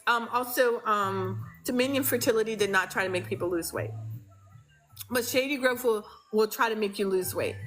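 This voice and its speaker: A woman's voice: fairly high pitch, fairly bright tone, low-quality recording. A woman in casual conversation, speaking frankly and emphatically with frequent fillers. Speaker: podcast conversation partner. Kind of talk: casual chat.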